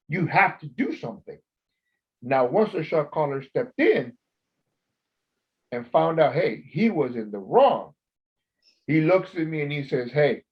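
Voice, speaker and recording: A man tells blunt, profane stories from his time working in a prison, his voice a touch high. The sound is dull and lo-fi. He gets loud and forceful whenever he quotes himself. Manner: blunt, profane, swings loud when quoting. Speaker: former corrections officer, co-host. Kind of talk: casual podcast storytelling.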